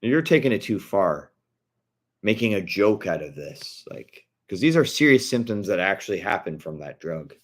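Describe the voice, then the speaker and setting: A man's voice: low voice, very animated, moderate pace. A man talking casually to camera, blunt and indignant, swearing freely. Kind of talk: casual vlog rant.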